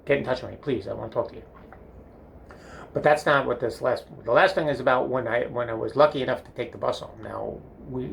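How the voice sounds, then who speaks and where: In a bathroom, an older man with a gravelly, medium-pitched voice meanders through humorous stories about his school years. He uses lots of fillers and chuckles at himself, with slight background noise present.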